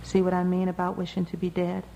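A brash young woman, blunt and foul-mouthed, pushing ahead as the bold older sister, read by a woman in a storybook reading. Her voice sits a little higher and louder than the narration, with plain, forthright delivery. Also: completely flat delivery, fast, vocal fry, dull audio, slight background noise. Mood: defiant. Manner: blunt and swearing.

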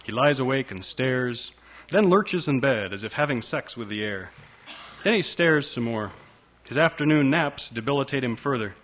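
A man's voice: medium pitch, expressive, normal speed, a bit bright. A man reading a story aloud in a dry, wry narration style. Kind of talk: scripted audiobook narration.

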